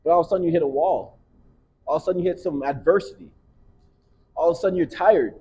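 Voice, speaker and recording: A man's voice: fairly high pitch, fast talker, mellow, slight background noise. A man coaching a basketball team, giving an earnest motivational speech full of repeated rhetorical questions.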